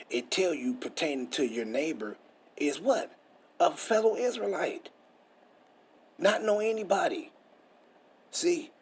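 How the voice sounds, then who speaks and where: A man with a fairly high voice gives street-style scripture teaching over slight background noise. His delivery is preachy and emphatic, packed with rhetorical questions and swearing.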